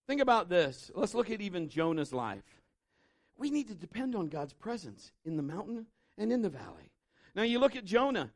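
A man's voice: sits high, normal speed, no room sound, studio quality. A man preaching a sermon at a church service in a casual, storytelling way that leans toward conversation. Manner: conversational, animated storytelling with acted-out quotes. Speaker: pastor.

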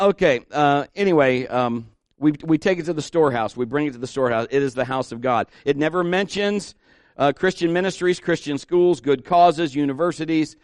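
A man's voice: fairly high pitch, dry recording, clean studio sound. A middle-aged man preaching a folksy, emphatic sermon as pastor, repeating key words for stress.

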